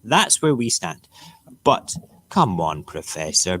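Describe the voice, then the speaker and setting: Man with a low, ranting voice. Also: very animated, slow, a bit bright, breathy edge. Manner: ranting, mocking and joking. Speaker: radio show host. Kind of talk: casual live-stream commentary.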